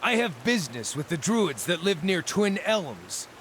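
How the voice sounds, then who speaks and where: A man's voice: sits high, unhurried, slight background noise, exaggerated voice. A man voicing a cheerful small male Orlan druid in a video game, talking with jovial relish, over game music. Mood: eager. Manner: jovial and relishing, lively sing-song delivery. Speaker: game character.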